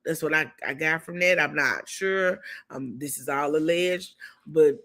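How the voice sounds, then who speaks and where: A woman's voice: low-pitched, a little slow, fairly bright tone. A woman reviewing a reality TV episode in a casual recap, talking loosely with frequent fillers and restarts.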